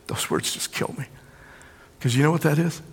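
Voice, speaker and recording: A middle-aged man preaching a sermon with a slightly raised pitch. He swings between loud, pleading quotations and quiet, hushed asides. His voice carries with a long reverb through a large church hall. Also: normal speed, gravelly, a little hiss or hum.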